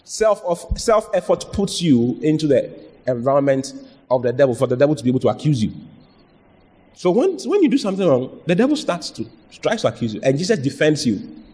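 In a reverberant hall, a man preaches an emphatic, repetitive sermon, repeating phrases and often checking in with the congregation through questions. His fairly high, husky voice is a little mellow and very animated, at normal speed with frequent pauses.

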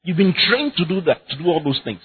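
A man's voice: a little high, sing-song, fast, slightly rough, phone-quality sound. A man preaching a sermon as pastor, emphatic and repetitive, often laughing as he speaks.

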